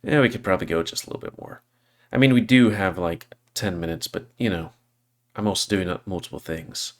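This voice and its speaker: A man's voice: low-pitched, a little fast. A man casually commenting on a visual novel he plays and reads aloud. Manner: relaxed, chatty asides. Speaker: game streamer.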